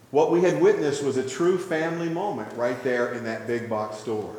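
A man preaching a sermon, telling a story with gentle humor before moving into earnest teaching. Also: mid-range voice. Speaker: pastor. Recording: very echoey hall with long reverb.

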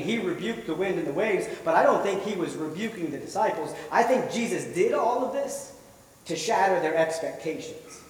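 High-voiced preacher echoing in a hall. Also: male voice. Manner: vivid storytelling with rhetorical questions. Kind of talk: sermon. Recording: echoey hall, voice from far off.

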